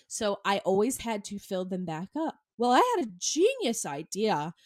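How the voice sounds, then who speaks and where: A woman's voice: mid-range voice, huge pitch swings, moderate pace, darkish tone, dry recording, studio quality. A young woman telling childhood stories in casual chat, laughing often and acting out the people she quotes.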